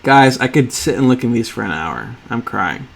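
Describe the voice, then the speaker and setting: A man hosting a sneaker art channel, reacting to drawings on screen with gushing, theatrical awe that swings from loud to hushed. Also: mid-range voice, expressive, brisk, gravelly, slightly rough.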